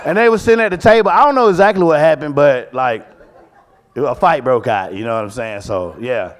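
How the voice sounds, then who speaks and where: A man's voice: mid-range voice, a little fast, some chatter behind. A man bantering with a live audience in a brash, playful way, full of slang. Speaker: comedian at a live Q&A. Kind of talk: loose stand-up banter with the crowd. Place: live comedy venue.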